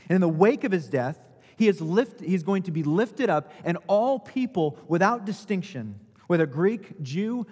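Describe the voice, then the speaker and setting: Male pastor, sermon delivery, slightly high, husky voice, long reverb. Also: a little mellow. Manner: rhetorical questions, rising and falling emphasis.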